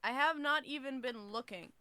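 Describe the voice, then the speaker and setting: High bright young woman chatting. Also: moderate pace, smooth, no room sound. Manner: swearing, laughing, jokey self-mockery. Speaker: podcast co-host. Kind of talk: casual chat.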